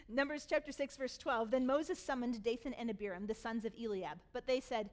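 A woman pastor giving a sermon, retelling scripture in animated, casual voices and speaking directly to the congregation. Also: fairly high pitch, a little fast.

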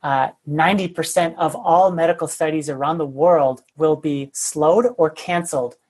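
Woman, low husky voice, candid self-deprecating podcast guest. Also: normal speed, darkish tone. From United States. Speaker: guest, sales consultant. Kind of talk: casual podcast storytelling.

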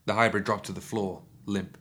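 A man narrating a written action story in a steady, measured storytelling manner. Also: lowish voice. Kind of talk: scripted audiobook narration.

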